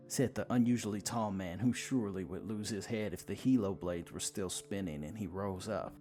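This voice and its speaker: A man narrating a vampire story in a dramatic, expressive manner. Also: lowish voice, normal speed, hardly any pauses, soft background music.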